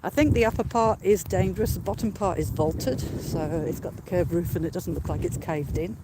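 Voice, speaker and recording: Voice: mid-range voice, fairly quick, background noise. Breathless host chatting on a walk. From Australia. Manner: chatty, rambling, with frequent laughs. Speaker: host of a live stream. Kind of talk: casual live-stream chat while walking. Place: outdoors on a hill by a ruined castle.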